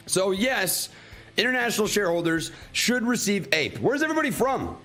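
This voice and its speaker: A man's voice: high-pitched, very animated, normal speed, a bit bright, soft background music. A man from North Carolina hosting a casual livestream, reading out viewer questions and riffing on them. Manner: reads out FAQ text then riffs on it casually.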